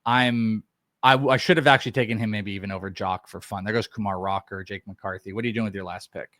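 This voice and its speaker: Animated man hosting a draft chat. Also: fairly low pitch, quick pace, no echo, studio quality. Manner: animated, thinking aloud. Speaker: host. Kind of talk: casual podcast chat.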